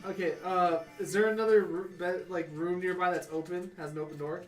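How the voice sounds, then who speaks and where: A man's voice: high voice, steady tone, brisk, recorded from a distance, faint music behind. A man playing in a tabletop game, stammering and hesitant, in a game store. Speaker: player. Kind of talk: casual tabletop play.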